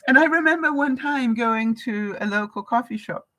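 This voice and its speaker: A woman's voice: fairly high pitch, normal speed, a bit bright, poor audio. A woman vlogger from Canada, telling stories in a live-stream chat with viewers, laughing often and acting out the voices she quotes.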